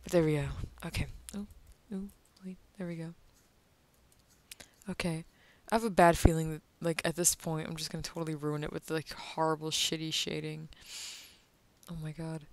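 A woman with a low voice and flat delivery speaks at a moderate pace, with no room sound. She's an artist vlogger drawing on camera while drunk, rambling casually, slurring, cursing often and trailing off into murmurs.

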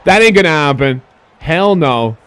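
A young man streaming a basketball video game, yelling and swearing loudly at the players as he commentates. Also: fairly high pitch, animated, normal speed, a little hiss or hum. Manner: loud, profane, yelling at the game. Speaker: gaming streamer. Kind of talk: excited gameplay commentary.

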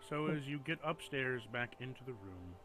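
A man's voice: medium pitch, animated, moderate pace, rough recording. Brief: laid-back man running a tabletop game, music under his voice. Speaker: game master. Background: background music.

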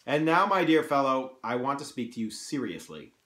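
A grave, earnest gentleman painter speaks with quiet urgency, as a man reads his lines aloud. The voice sits at a mid pitch. It carries the ring of a roomy space. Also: sing-song, a little fast. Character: grave serious male painter friend. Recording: roomy echo.

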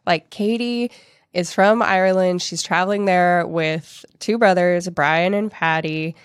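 A woman co-hosting a podcast, talking fast and laughing often as she retells a book in casual chat. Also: lowish voice, clear, resonant tone, no echo, clean studio sound. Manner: quick, laughing, animated retelling. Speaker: podcast co-host.

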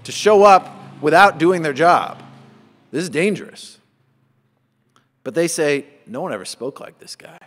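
A middle-aged male pastor preaching a sermon, lively and conversational, often acting out the voices of people he quotes. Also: unhurried, pauses often. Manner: animated, acts out quoted voices with rising pitch. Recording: long hall reverb.

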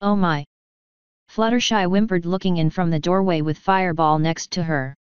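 A woman reads a fan story aloud at a steady, even pace. Her voice is low and very smooth and clear. The recording is dry and close, but dull and lo-fi. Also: brisk, no echo. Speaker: fanfiction reader. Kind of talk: story narration.

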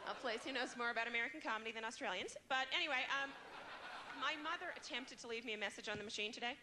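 Brief: woman stand-up comic, high voice, chatty and self-mocking, noisy live room. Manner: chatty, self-mocking, quick asides to the crowd. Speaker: stand-up comedian. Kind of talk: stand-up comedy set. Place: comedy club stage.

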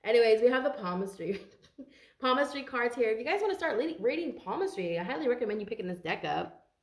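A woman's voice: on the high side, lively intonation, fairly quick, roomy sound. A tired woman doing a casual tarot reading for viewers, chatty and rambling and swearing freely. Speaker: tarot card reader.

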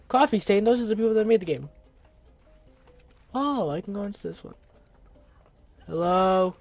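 A man doing let's play commentary, excitable and often yelling at the game. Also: sits high, normal speed, creaky, long pauses, faint music behind. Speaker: gaming video creator.

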